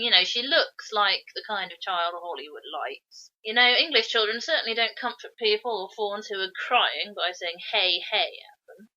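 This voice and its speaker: Sharp-voiced opinionated woman, lo-fi audio. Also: mid-range voice. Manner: opinionated, critical. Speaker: podcast co-host. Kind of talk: casual film review chat. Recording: dull lo-fi podcast audio.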